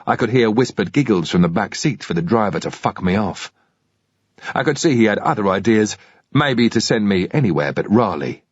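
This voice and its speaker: A man narrating a thriller audiobook in the first person, in a steady, measured way. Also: mid-range voice, slightly rough, dry recording, dull audio.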